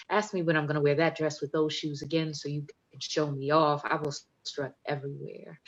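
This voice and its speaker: Low-voiced woman poet on a video call. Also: highs cut off. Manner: emphatic, playful and talkative. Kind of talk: poetry reading and chat.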